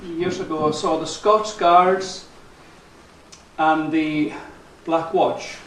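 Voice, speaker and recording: High-voiced male folk storyteller, chatty and chuckling, on an echoey live mic. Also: fairly even intonation, slow pace, fairly bright tone, far from the mic, slight background noise. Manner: rambling, chuckling, with self-corrections. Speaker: folk musician telling a story on stage. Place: live concert venue.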